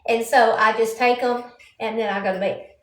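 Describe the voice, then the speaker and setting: A woman's voice: fairly high pitch, steady tone, normal speed, fairly bright tone. A woman chatting casually with her livestream viewers, rambling and yawning. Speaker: livestream host. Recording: roomy echo.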